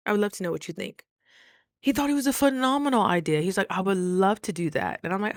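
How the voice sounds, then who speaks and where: A woman's voice: medium pitch, quick pace, dry recording, clean studio sound. A young adult woman vlogging casually, animatedly acting out quoted dialogue and talking straight to her viewers. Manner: frequent rhetorical asides to viewers. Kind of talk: casual storytelling vlog.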